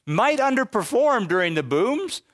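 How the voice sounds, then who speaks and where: A man giving a live presentation on real estate investing to an audience, animated and joking, sometimes slipping into voices for the people he quotes. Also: extremely high pitch, normal speed, dry recording, studio quality.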